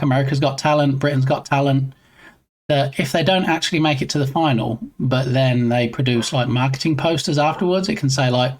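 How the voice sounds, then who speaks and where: Male live streamer, mid-pitched, playful and rambling, bantering with chat at his desk mic. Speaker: game dev streamer. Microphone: own desk mic.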